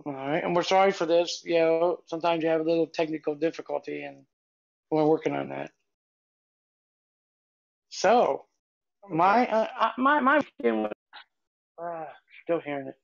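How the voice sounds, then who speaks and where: An older woman co-hosting a podcast tells a story in a chatty, meandering way, restarting her sentences as she goes. Her voice has a gravelly, fry-tinged texture. The sound comes through a dull, muffled live-stream feed. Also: low-pitched, normal speed, pauses often. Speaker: podcast co-host. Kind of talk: casual storytelling chat.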